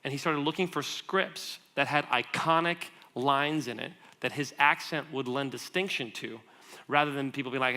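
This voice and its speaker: A man giving a guest sermon, conversational and animated, asking the audience questions and telling stories with quick asides. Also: on the high side. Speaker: guest speaker.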